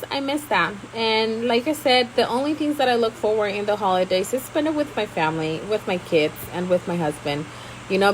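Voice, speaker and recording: A woman's voice: mid-range voice, poor audio. Lady in her 30s chatting on a live stream, mixes spanish and english, laughs a lot, bit of background noise. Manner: expressive, laughs often. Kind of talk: casual live-stream chat.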